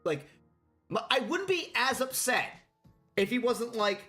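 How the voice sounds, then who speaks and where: A man's voice: very high-pitched, big pitch swings, unhurried, pushed and bright, soft background music. A man chatting casually while playing a game, ranting and swearing freely. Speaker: game player.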